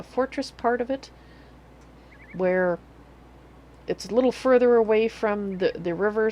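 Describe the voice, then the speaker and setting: A woman's voice: on the low side, a little mellow, slight background noise. A woman streamer giving a casual, rambling walkthrough of her game build, full of fillers and restarts.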